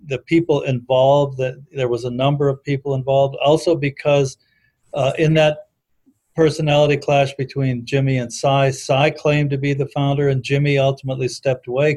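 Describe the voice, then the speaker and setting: A man's voice: medium pitch, a little mellow. A man in a casual conversation, thoughtfully quoting literature from memory with frequent restarts. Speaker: discussion guest on recovery history.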